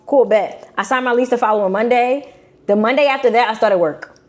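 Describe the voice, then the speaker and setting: A young woman from Brooklyn with a New York accent, telling a personal story to her viewers in a casual, animated, slangy way. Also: on the high side, a little fast. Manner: animated, slangy, acts out quotes in shifting voices. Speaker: vlogger.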